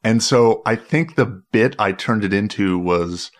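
A man telling a story in casual conversation, halting and rambling, with many restarts and fillers. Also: fairly low pitch. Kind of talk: casual chat.

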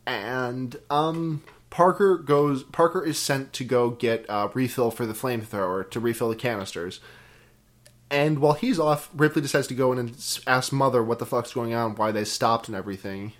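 A woman's voice: a bass voice, moderate pace. A woman co-hosting a podcast, rambling casually and swearing freely while she retells a film plot. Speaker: podcast co-host. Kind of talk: casual chat.

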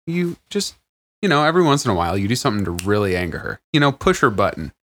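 A man's voice: fairly low pitch, quick pace. A man co-hosting a podcast, laying out absurd advice in a matter-of-fact way. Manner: deadpan mock advice. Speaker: podcast co-host. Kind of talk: casual chat.

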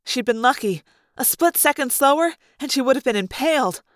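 A woman narrating a first-person novel aloud for a fan-made audiobook, in a lively, dramatic storytelling manner. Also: sits high, fairly quick, no room sound, studio quality. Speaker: audiobook reader.

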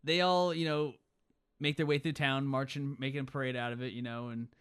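A man talking in a casual chat, laughing often and acting out characters in quick funny voices. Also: medium pitch, fairly even intonation, fairly bright tone, clean tone.

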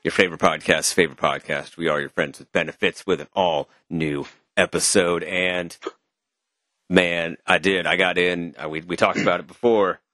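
A young podcast co-host with a deep, bright, forceful voice chats casually, spinning rambling, jokey stories at a moderate pace with fairly even intonation. He speaks into a pop-filtered podcast mic, and the studio sound is clean, with no room sound.

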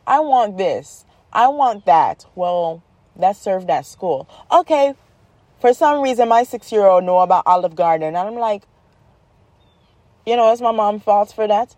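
A woman's voice: mid-range voice, moderate pace, pauses often, no echo. A woman tells rambling, joking stories about her children in a casual vlog. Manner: rambling, joking, animated retelling. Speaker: mother, vlogger.

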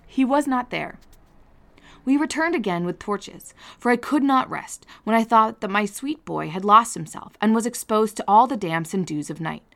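A woman reading a novel aloud as an audiobook narrator, in an earnest and measured storytelling manner. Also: mid-range voice, lively intonation, gravelly, fairly bright tone. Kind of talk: scripted narration.

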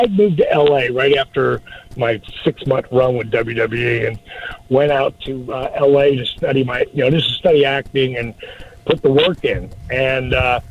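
A middle-aged man casually telling a story as a guest, animated and acting out the dialogue. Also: medium pitch. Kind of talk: casual anecdote. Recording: dull lo-fi audio.

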